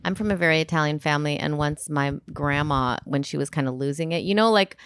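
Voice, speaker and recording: A woman's voice: low-pitched, fast talker, smooth, dry recording. A woman co-hosting a comedy podcast, telling stories in a chatty, laughing way. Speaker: podcast co-host. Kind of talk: casual comedic chat.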